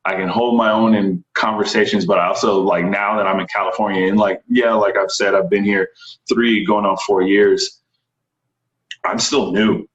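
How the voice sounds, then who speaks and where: A young man from Texas, a stunt performer, talks through his story in a relaxed interview. His voice sits fairly low and he tells it with animated enthusiasm, slipping into other people's voices. The room has a noticeable echo. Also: normal speed, dull audio. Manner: animated, enthusiastic, frequent laughs and quoted voices.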